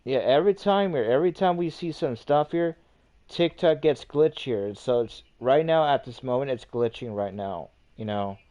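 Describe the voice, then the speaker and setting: Male streamer host, mellow tone, rambling and repetitive, swears a lot. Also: mid-range voice, normal speed, muffled recording. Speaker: livestream host. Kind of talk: casual livestream rant.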